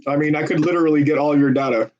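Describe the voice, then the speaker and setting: Chatty man with a slightly high voice. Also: fairly even intonation, racing, a little mellow. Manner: chatty, joking, persuasive salesman patter. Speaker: phone bank volunteer and livestreamer. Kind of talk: casual livestream chat while making calls. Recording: dull lo-fi audio.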